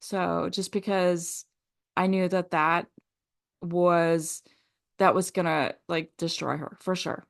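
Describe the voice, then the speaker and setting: A woman co-hosting a podcast, speaking earnestly and haltingly in casual chat. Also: lowish voice, fairly even intonation, gravelly. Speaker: podcast co-host.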